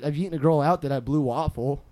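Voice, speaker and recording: A man's voice: fairly high pitch, mellow. A man co-hosting a radio show in crude, casual banter, stumbling over and repeating words. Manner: halting, repeats words, drops his voice to trail off.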